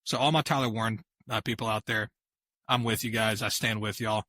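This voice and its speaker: A man's voice: on the low side, steady tone, a little fast, bright, forceful tone, dry recording. A man co-hosting a casual sports podcast, talking animatedly and laughing easily. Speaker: podcast co-host.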